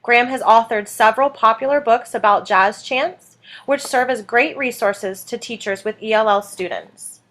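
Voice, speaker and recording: Woman teacher, somewhat high pitch, clear scripted instructional read. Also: fairly bright tone. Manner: clear, measured, stressing each word in the chants.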